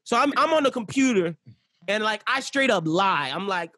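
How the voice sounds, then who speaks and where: A young man telling animated, profane stories in casual podcast chat, laughing often. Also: high voice, normal speed, dry recording, clean studio sound. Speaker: podcast guest.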